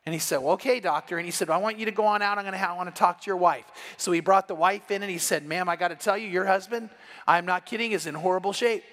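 A man's voice: high voice, quick pace, a bit bright, in a large hall. A man preaching an evening sermon, retelling a story and acting out the lines of each person in it. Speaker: pastor.

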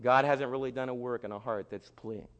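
A man preaching a sermon, swinging from near shouts to hushed tones and acting out the voices of churchgoers. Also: mid-range voice, steady tone, a little fast. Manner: acts out quoted voices of churchgoers. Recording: long hall reverb.

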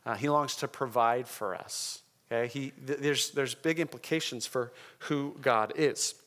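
A man preaching a sermon in a conversational, emphatic way, often slowing down to stress key words. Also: medium pitch, a bit bright. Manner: conversational, emphatic, checks in with the congregation. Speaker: pastor.

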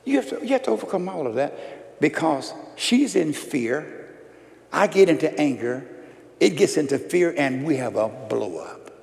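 A man preaching a sermon, with emphatic delivery that rises loud and falls soft. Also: fairly high pitch, big pitch swings, normal speed, gravelly. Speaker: pastor. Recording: long hall reverb.

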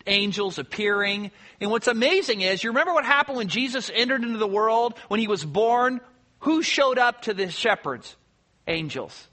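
Bright, high-voiced male pastor preaching. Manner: conversational preaching with rhetorical questions. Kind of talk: sermon.

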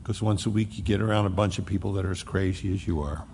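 A male pastor preaching a sermon. He swings between emphatic, rising outbursts and hushed, low asides. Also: fast talker, creaky, slight background noise. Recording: long reverb of a large hall.

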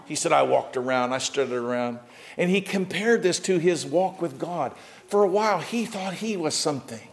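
A man preaching a sermon as pastor, animated, with dramatic swings in loudness and emphasis. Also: on the high side, normal speed.

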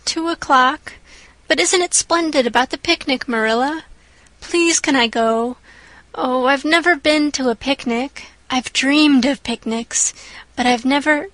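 A woman's voice: sits high, unhurried, fairly bright tone, no room sound. A woman voicing an eleven-year-old orphan girl, imaginative and chattering, who speaks breathlessly and gushes in her audiobook reading. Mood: eager pleading. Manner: breathless, gushing, rapturous.

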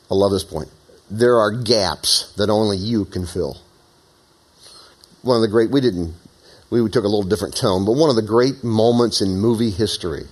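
A man preaching a sermon in an animated, conversational way, with frequent asides. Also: on the low side, husky. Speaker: pastor. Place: church meeting in an opera house.

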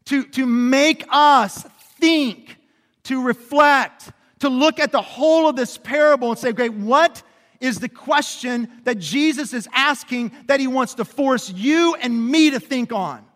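A man preaching a sermon as pastor, animated and questioning, calling on the congregation to answer back. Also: very high-pitched, unhurried, long reverb tail. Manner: animated preaching, drops to quiet emphasis and rises to shouts; asks the congregation questions and calls for responses.

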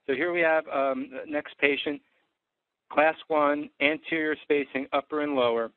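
A man's voice: a little high, fairly even intonation, measured pace, clean tone, no echo. Man, orthodontist, clinical lecture, methodical, filler-heavy, phone-like thin audio. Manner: methodical, technical, with frequent fillers. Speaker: orthodontist presenting clinical cases. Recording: dry tinny phone-like sound.

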